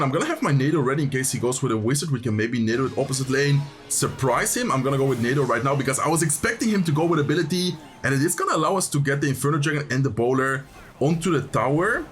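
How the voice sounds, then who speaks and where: A young man giving live commentary on his gameplay, thinking aloud, excitable and talking straight to viewers. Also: medium pitch. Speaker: gaming commentator.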